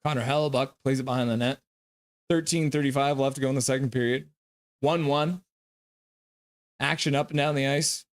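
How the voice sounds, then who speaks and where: A man streaming a live reaction, calling plays and reading chat aloud with excitable, jokey trash talk. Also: mid-range voice, fairly quick, long pauses, no room sound, studio quality.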